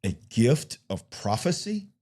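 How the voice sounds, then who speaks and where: A man's voice: medium pitch, very animated, a little slow, warm tone. A man co-hosting a Christian ministry show, reviewing a film in casual chat and speaking emphatically, often repeating words as he gets going.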